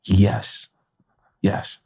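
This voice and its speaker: A man, a chef and podcast co-host, telling a story in a casual, profane and animated way. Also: very slow, dry recording, clean studio sound. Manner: animated, profane, acts out quotes with laughs.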